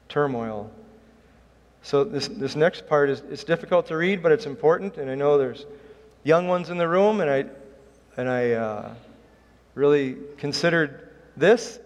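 His mid-range voice has a darkish tone as this middle-aged man preaches as a pastor. Earnest and emphatic, he pushes up his voice at key points, with reverberation from the hall.

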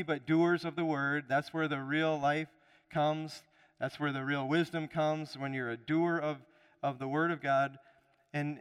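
A man's voice: on the high side, fairly bright tone, clear, resonant tone, in a large hall. A man preaching a sermon as pastor, with emphatic rises and frequent restarts.

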